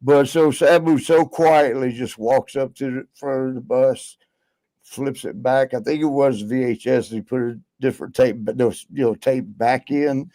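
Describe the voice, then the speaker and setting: A man's voice: medium pitch, fairly even intonation, measured pace, mellow, dry recording, low-quality recording. A man telling a long road story in casual podcast chat, rambling with many fillers. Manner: rambling, lots of fillers and laughs. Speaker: podcast guest.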